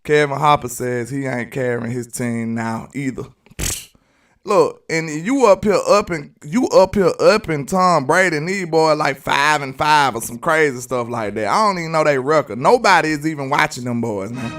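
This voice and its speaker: A sports channel host from Alabama, this man has a slightly high voice with a fairly bright tone and speaks at a moderate pace. He argues emphatically in his Southern US accent during live commentary, repeating his points. The mic is distant.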